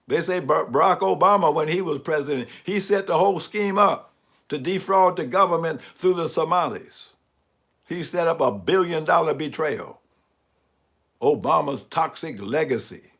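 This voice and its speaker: A man's voice: fairly high pitch, fairly bright tone. A man giving sarcastic, mocking commentary on a live stream and asking for the next image as he talks through slides. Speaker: speaker commenting on news images.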